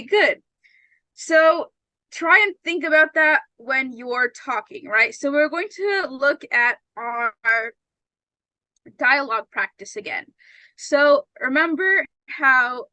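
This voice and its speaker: A woman's voice: high-pitched, sharp tone, no room sound, rough recording. A woman teaching an English pronunciation lesson, patient and often checking that her students understand.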